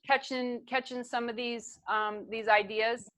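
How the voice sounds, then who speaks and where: A woman's voice: fairly high pitch, flat delivery, measured pace, a bit bright. A woman leading a training on a video call, talking in an earnest, conversational way and often restarting her sentences. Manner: earnest, conversational, repeats herself. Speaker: guest speaker and trainer. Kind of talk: casual teaching on a video call.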